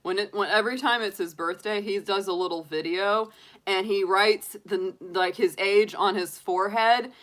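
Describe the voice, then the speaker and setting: A woman's voice: mid-range voice, moderate pace, a bit bright. A woman in her forties, a tarot reader chatting casually on a live stream and laughing often. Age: 40s.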